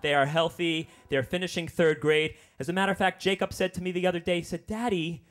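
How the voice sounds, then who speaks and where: A man's voice: on the high side, level tone, a bit bright. Wry fifty-year-old man telling a comic story. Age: 50s. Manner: exasperated, self-mocking storytelling with quick asides. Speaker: comedian telling a personal story. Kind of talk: stand-up storytelling.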